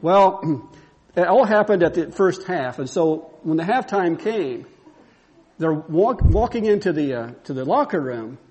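A man's voice: a little high, animated, measured pace, a little mellow. A man preaching a sermon, telling a story and building to fervent, repeated exclamations.

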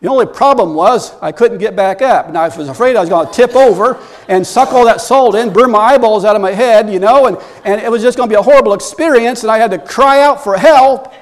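A high-pitched man preaching to his congregation. He tells stories and often climbs into loud, animated stretches of emphasis. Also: quick pace, few pauses. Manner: storytelling preacher, rising to loud animated bursts. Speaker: pastor. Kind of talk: sermon.

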